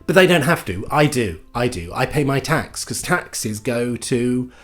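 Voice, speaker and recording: A man's voice: mid-range voice, very animated, a little slow, a bit bright. Dry sardonic British man. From Britain. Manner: dry, sardonic delivery with mock outrage. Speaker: comedy host. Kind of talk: scripted comic monologue.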